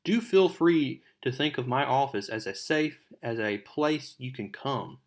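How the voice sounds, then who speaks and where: Man reading as a gentle school principal. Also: medium pitch, a little slow, natural voice. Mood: consoling. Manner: gentle, consoling. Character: kindly middle-aged male school principal.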